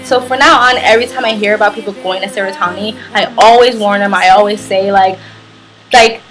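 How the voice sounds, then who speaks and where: A woman's voice: mid-range voice, fairly even intonation, brisk, a bit bright, rough recording. A woman vlogger telling a travel story in a chatty, rambling way, with lots of "like". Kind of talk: storytime vlog.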